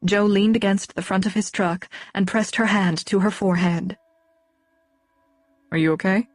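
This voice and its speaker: A woman reading an audiobook in an even, steady storytelling manner. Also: medium pitch, moderate pace, no room sound, clean studio sound. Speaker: audiobook narrator. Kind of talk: audiobook narration.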